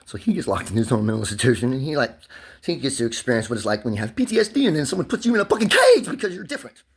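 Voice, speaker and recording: A man in his twenties talking in a rambling, pressured rush, swerving between laughter, near tears and shouting, loud and swearing often. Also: medium pitch, rapid-fire, gravelly. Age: 20s. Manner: loud and expressive, heavy swearing. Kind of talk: emotional monologue to camera.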